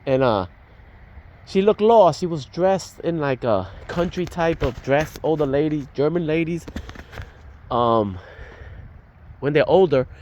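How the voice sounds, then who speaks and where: A man's voice: a little high, expressive, a little slow, long pauses, a little mellow, a little hiss or hum. An older man telling a personal testimony in a casual, rambling way, with restarts and fillers and the dialogue acted out as he goes. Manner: reenacts dialogue as he tells it. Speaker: storyteller.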